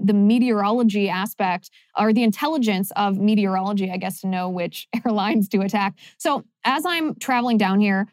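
A woman's voice: medium pitch, a little mellow, no room sound, studio quality. A young woman hosting a podcast, delivering an opinionated monologue in a sarcastic, emphatic way. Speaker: podcast host.

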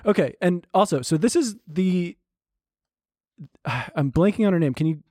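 A man co-hosting a podcast, chatting casually with halting restarts and fillers. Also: high voice, dark tone, no echo, clean studio sound. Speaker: podcast co-host. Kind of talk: casual chat.

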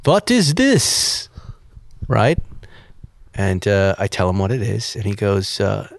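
A man's voice: lowish voice, unhurried, creaky, no echo. A man hosting a podcast, telling a casual story with energy and acting out the people and sounds in it. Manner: animated anecdote-telling, acts out dialogue and beeps. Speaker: podcast host.

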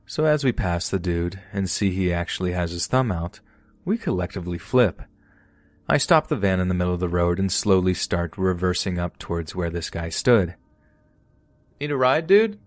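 A man narrating a true horror story for a podcast in a steady, storytelling manner. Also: deep voice, no room sound.

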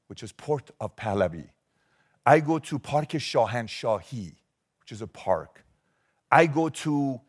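Man, forties, from Iran, motivational speaker, live-audience talk, emphatic, mid pitch, rhetorical questions. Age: 40s.

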